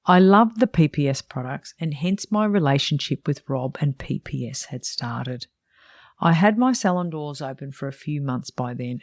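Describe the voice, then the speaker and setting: A woman's voice: extremely low pitch, a little mellow, no room sound. Middle aged woman reading her own salon book, frank and chatty with wry asides, dry close mic. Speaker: salon business mentor and podcast host.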